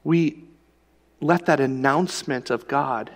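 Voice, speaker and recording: Gravelly man preaching a personal story. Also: mid-range voice, animated, moderate pace, fairly bright tone, in a large hall. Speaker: pastor. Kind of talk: sermon.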